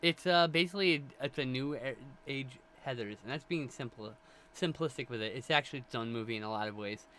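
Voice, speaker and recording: A man co-hosting a casual movie chat show, talking in an animated, opinionated way and sometimes ranting. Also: mid-range voice, a little fast, slight background noise. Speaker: podcast co-host.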